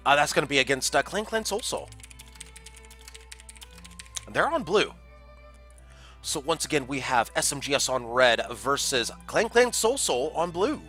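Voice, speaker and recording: Bright, chatty male game caster. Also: mid-range voice. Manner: chatty, jokey, reads chat aloud. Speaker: tournament caster. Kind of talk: livestream game commentary.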